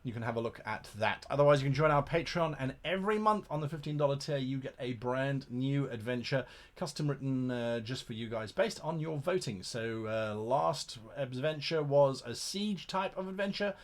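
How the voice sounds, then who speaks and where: A man's voice: medium pitch, expressive, normal speed, few pauses. Chatty English man hosting a live Q&A. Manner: chatty and enthusiastic, repeats words while thinking. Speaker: livestream host and game master. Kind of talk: casual live Q&A, reading chat questions.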